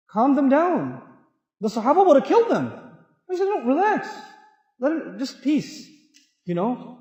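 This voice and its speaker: A man from Pakistan preaching in a large mosque hall, telling stories with humor and acting out the voices of people in them. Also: extremely high pitch. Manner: animated, humorous, acts out quoted voices. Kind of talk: storytelling sermon. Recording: echoey hall.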